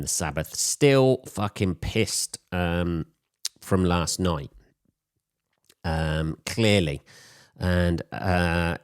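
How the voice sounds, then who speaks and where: A man's voice: low-pitched, smooth, no room sound, studio quality. A man hosting a solo podcast, telling a rambling, sweary, wry story in a casual chat. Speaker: podcast host.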